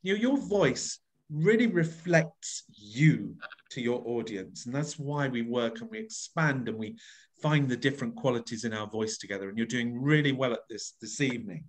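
Animated man coaching voices. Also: medium pitch, moderate pace. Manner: playful, coaxing, modelling each phrase with exaggerated expression. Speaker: voice workshop leader. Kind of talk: online voice workshop coaching. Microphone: video call.

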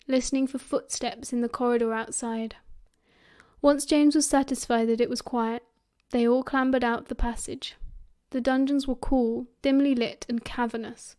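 Young british woman narrating an audiobook, bit high voice, does all the character voices. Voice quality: reads all parts with lively character voices. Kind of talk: fan audiobook reading.

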